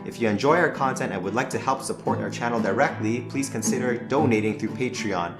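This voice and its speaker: A man teaching a guitar lesson, calmly naming the chords and counting out strum patterns. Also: mid-range voice, brisk. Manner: calm, counts out strums plainly. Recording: roomy with loud guitar music. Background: guitar playing.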